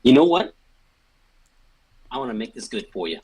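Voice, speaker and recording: A fawning traveling salesman with a homespun drawl, as a man puts him on at the gaming table. The voice sits deep and slightly husky, recorded close and dry. He is slick and eager to please. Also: normal speed, no room sound, low-quality recording. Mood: smooth, apologetic. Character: slick smooth-talking male traveling salesman.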